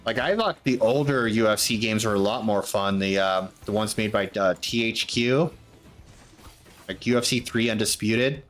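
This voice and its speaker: A man's voice: lowish voice, normal speed, faint music behind. A young man streaming a game, muttering to himself and rambling with lots of fillers in casual commentary.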